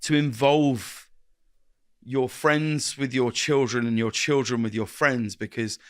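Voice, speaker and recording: An earnest man in his forties talks reflectively in a dry, close-miked studio, his pitch sitting in an ordinary middle register. He trips over restarts, circles back to what he means, and slips into acting out bits of dialogue as he goes. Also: fairly even intonation, slow pace, no echo. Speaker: guest. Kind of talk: reflective interview conversation.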